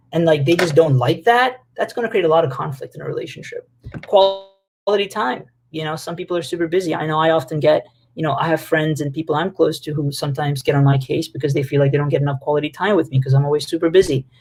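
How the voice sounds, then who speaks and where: A man leading a casual talk to a group about relationships, animated and chatty, with lots of fillers and playful acted-out quotes. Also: a little high, gravelly.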